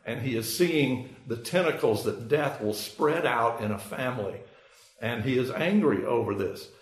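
A man preaching a sermon, explaining scripture in an unhurried way with frequent fillers. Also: mid-range voice, expressive. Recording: echoey room.

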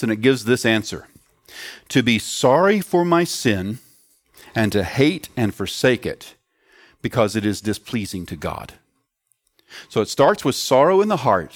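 A man preaches to a congregation of children and adults, teaching earnestly and pausing to question the young listeners. His voice sits at a middle pitch for a man. It is recorded close and dry, with little room sound. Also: no echo. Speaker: pastor.

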